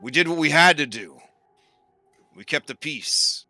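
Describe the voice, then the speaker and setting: A man voicing a weary, grumbling god-blooded warrior who speaks low and solemn. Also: lively intonation, measured pace, sharp tone, faint music behind, full character voice.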